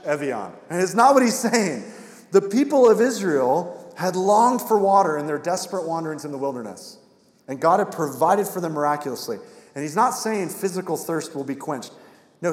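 A man preaching a sermon as pastor, animated, with rising emphasis and direct questions to the congregation. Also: a little high. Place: church sanctuary. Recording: echoey hall with long reverb.

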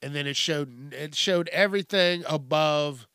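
A man's voice: on the high side, measured pace, fairly bright tone, clean tone, no echo, clean studio sound. A middle-aged man hosting a podcast, ranting in a profane, rambling way that keeps breaking off mid-sentence. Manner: profane, rambling, self-interrupting. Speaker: podcast host. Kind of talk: casual comedic news rant.

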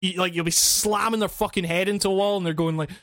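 A man's voice: sits high, fairly even intonation, fast talker, a bit bright, dry recording, clean studio sound. A man on a podcast, ranting casually with lots of swearing, fillers and restarts. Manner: rambling, profane, many restarts and fillers. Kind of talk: casual chat.

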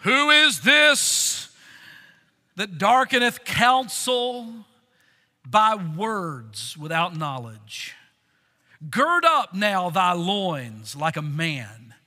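A man putting on a solemn, slow voice of God, speaking in archaic scripture language in a reverberant hall. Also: high voice, big pitch swings, sharp tone, voice pushed down, exaggerated voice. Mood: solemn, commanding. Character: God, ancient thundering divine male judge.

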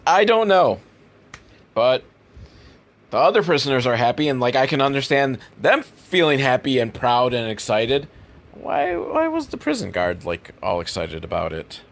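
A man's voice: medium pitch, animated, normal speed. A man giving casual, rambling, self-deprecating commentary on a movie he is watching. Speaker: movie review host.

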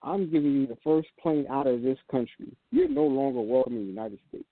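Casting: man doing calm, fatherly head of state, phone-line sound. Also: fairly high pitch, fairly quick, gravelly, dry recording, exaggerated voice. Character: president, fatherly older man.

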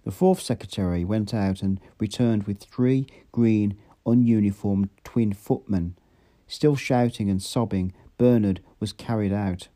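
A male audiobook reader narrates in a steady, even manner. His voice sits low and sounds very dark and mellow. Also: a little slow. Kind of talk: novel reading.

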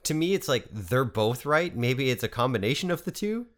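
A man co-hosting a podcast, chatting casually about a novel in a relaxed, agreeable way. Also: medium pitch, moderate pace. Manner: relaxed, agreeable, mostly short replies. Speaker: podcast co-host. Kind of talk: casual book discussion.

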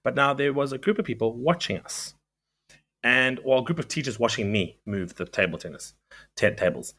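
Male co-host, very animated pitch, chatty, self-correcting storyteller. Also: moderate pace. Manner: lively storytelling, self-interrupting. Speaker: podcast co-host. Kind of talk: casual chat.

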